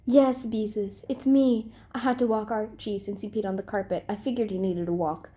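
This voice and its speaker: A woman voicing a gentle, comforting lady with a Spanish accent. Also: medium pitch, fairly even intonation, moderate pace, natural voice.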